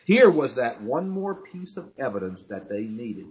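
Male preacher, husky tone, lively, emphatic, repeats points, rhetorical questions. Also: on the high side, normal speed, hardly any pauses, rough recording. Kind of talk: sermon.

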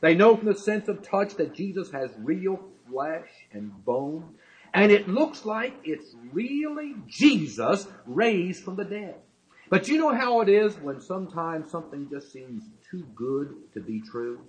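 A male preacher with a high voice that swings widely as he stresses each point. He keeps hammering the same words again and again and throws rhetorical questions at the congregation. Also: big pitch swings, unhurried, low-quality recording. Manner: emphatic, repetitive, asks rhetorical questions. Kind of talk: sermon.

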